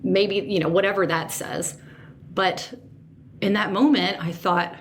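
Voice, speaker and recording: A woman hosting a podcast, telling a personal story in an animated, emotional way and second-guessing herself aloud. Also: on the low side, normal speed, vocal fry, slight background noise. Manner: emotional, sensitive. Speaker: podcast host.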